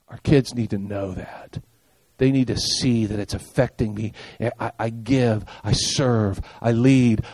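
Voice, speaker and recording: An older preacher takes it slowly through an emphatic sermon, asking rhetorical questions and checking that his congregation is with him. His delivery moves from loud and punchy to quiet and low, with no echo.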